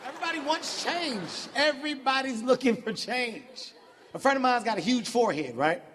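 A man in his forties doing a loud, profane stand-up comedy set, swooping in pitch and shouting his punchlines. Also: expressive, moderate pace, a little hiss or hum. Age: 40s. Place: large arena stage. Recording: big hall with crowd and laughter.

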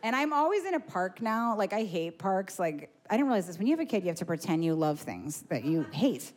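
A woman's voice: medium pitch, brisk. A woman in her thirties doing a stand-up set, rambling through stories with lots of fillers. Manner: rambling, filler-heavy, animated storytelling. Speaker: stand-up comedian. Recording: noisy live recording.

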